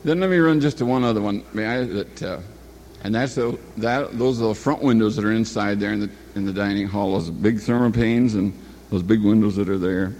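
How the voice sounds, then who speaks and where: A man's voice: fairly low pitch, fairly quick, darkish tone, slight background noise. An older man telling a long personal anecdote in a folksy, meandering way, often stopping to correct himself. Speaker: storyteller. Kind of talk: rambling spoken anecdote.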